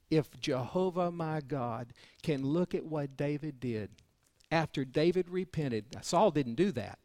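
A preacher with a fairly high voice delivers a sermon in a folksy, storytelling way. He swings between loud, ringing passages and near-whispered ones. The sound is dry and close. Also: expressive, unhurried, no room sound. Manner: dramatic swings from loud to hushed.

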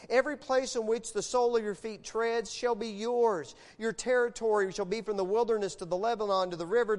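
A middle-aged man preaching a sermon, animated, moving between loud emphasis and quiet asides. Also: very high-pitched. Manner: animated preacher telling a story, shifting loud and soft. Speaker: pastor. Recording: long hall reverb.

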